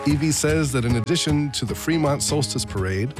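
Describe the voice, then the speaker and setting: A male host giving a plain, steady outro after a story. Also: a little high, a little fast. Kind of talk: show outro over music. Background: guitar music.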